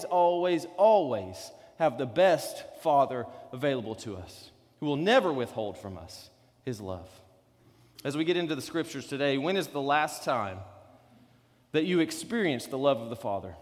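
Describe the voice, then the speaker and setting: A man preaching a sermon as pastor, earnest and conversational, telling stories to the congregation. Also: fairly high pitch. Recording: long hall reverb.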